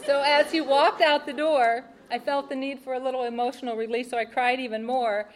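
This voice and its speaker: A woman telling a personal testimony, expressive and laughing at her own mishaps. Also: high voice, brisk. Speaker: speaker sharing a personal testimony. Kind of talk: personal storytelling.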